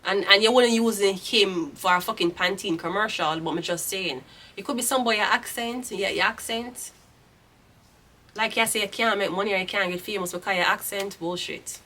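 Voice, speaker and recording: A woman's voice: medium pitch, normal speed, bright, forceful tone. A woman with a Jamaican accent, a tarot reader giving a blunt, profane, rambling monologue. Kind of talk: casual monologue.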